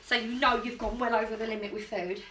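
A woman's voice: a little high, little pitch movement, fast talker, bright, forceful tone, slight background noise. A young woman chatting casually through a clothing try-on haul at home, rambling and poking fun at herself. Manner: chatty, self-deprecating, rambling. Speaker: vlogger. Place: home bedroom.

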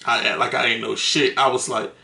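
Man, bright forceful voice, casual profane storytelling, laughs a lot, echoey room. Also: medium pitch, flat delivery, fairly quick, gravelly. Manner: profane, slangy, laughs between stories. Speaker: vlogger. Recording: roomy echo.

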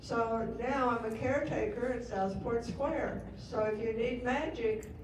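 A woman's voice: a little high, fairly even intonation, a little slow, natural voice. Mary Poppins, played by a woman at a live event. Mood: jokey. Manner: chatty, self-mocking, laughing asides. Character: Mary Poppins, woman, jokey magical nanny turned caretaker. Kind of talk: comic live character performance. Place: public square event. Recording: echoey, distant mic with ambient noise.

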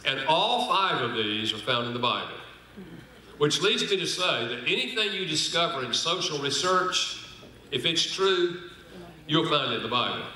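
A man giving a church seminar talk, folksy and humorous, slowing down to stress his points. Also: on the high side, lively intonation, pushed and bright. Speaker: speaker on marriage and apology. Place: large echoing hall. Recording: very echoey hall.

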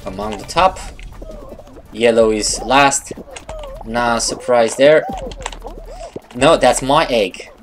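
A woman commentating her own game play, excitable and swearing at opponents, with faint game music behind. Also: very deep voice, takes it slowly, long pauses. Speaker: gamer.

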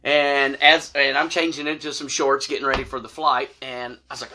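A man telling a funny personal story to camera, animated and laughing as he acts out the voices. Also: a little high, fast talker, hardly any pauses. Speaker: storytelling vlogger.

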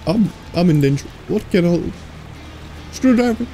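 A man playing a horror video game, reacting out loud, talking to its characters and swearing mildly between loud outbursts and nervous laughs. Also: sits high, lively intonation, a little slow, pauses often, soft background music. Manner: jumpy, talks to the game characters, mild swearing. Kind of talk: let's play commentary.

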